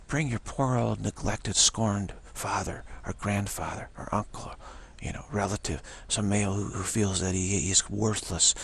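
Speaking at a measured pace with hardly any pauses, this man has a fairly low, gravelly and husky voice. His informal sermon as a spiritual teacher wanders and circles back on itself, with frequent restarts and forceful proclamations.

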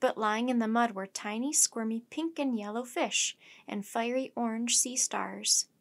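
A woman storyteller reading a children's chapter book aloud in a gentle, measured way. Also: fairly high pitch.

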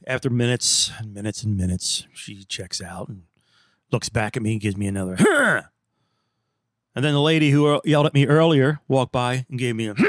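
A man's voice: fairly low pitch, no echo, clean studio sound. Laid-back man telling rambling stories. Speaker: podcast host. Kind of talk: casual storytelling monologue.

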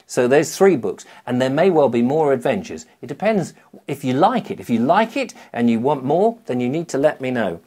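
A middle-aged man, a children's author, chatting to camera in a rambling, animated way. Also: medium pitch, normal speed, slightly rough. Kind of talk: casual talk to camera.

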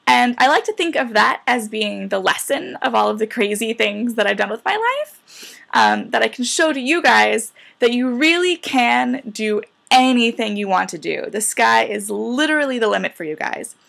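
Gravelly bright young woman, eager. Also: on the high side, animated, moderate pace. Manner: enthusiastic, upbeat storytelling. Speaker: camp alumna. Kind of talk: recorded message to campers.

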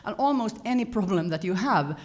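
A woman giving a lecture-style talk to an audience, animated and often correcting herself mid-sentence. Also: mid-range voice, a little fast. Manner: animated, self-correcting, chuckles between points. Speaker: conference speaker.

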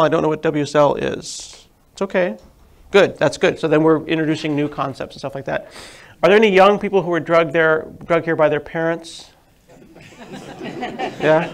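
A man's voice: fairly high pitch, slight background noise. A man in his forties with a sniffly cold, giving a self-deprecating, chatty live tech talk to an audience in a meeting room. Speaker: tech presenter. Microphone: handheld mic.

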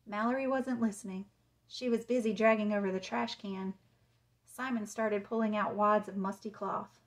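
A woman author reading a children's chapter book aloud with a measured, suspenseful delivery. Her voice sits in a middle range. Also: medium pitch, fairly even intonation, low-quality recording. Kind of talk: storybook read-aloud.

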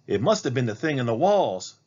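A worried young boy pleads and insists he did nothing wrong, as a man reads his lines. His voice is lifted high and turns urgent. The sound is a little muffled and lo-fi, like a storybook reading. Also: very animated, fairly quick, darkish tone, husky. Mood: worried, defensive. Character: anxious, defensive young boy.

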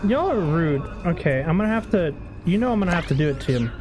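A man's voice: fairly high pitch, lively intonation, quick pace. A man streaming a horror game live, chatting and swearing often with a jumpy, exasperated manner. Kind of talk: live gameplay commentary. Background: game music.

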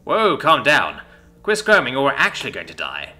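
A man's voice: mid-range voice, huge pitch swings, normal speed, sharp tone, heavily acted. A man voicing a reckless, teasing young man who loves thrills, laid-back and amused.

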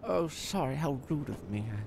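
A man's voice: fairly high pitch, very animated, normal speed, creaky, darkish tone, a little hiss or hum. A man doing a prim scolding old lady. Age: 60s. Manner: fussy, prim, calls people darling and dear.

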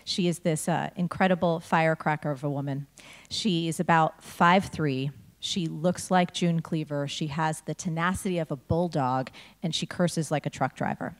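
A woman's voice: deep voice, moderate pace. A woman from New Jersey giving a motivational talk to a school audience, telling stories and acting out the dialogue. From New Jersey, USA. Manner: animated storyteller, acts out dialogue. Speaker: speaker addressing a school audience. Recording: long reverb of a large hall.

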